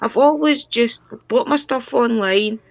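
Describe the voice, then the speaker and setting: Gravelly Scottish woman in her fifties. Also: fairly high pitch, dry recording, muffled recording. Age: 50s. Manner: chatty, laughs often, tries to speak slowly. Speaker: guest on a paranormal live stream. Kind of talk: casual chat. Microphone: phone.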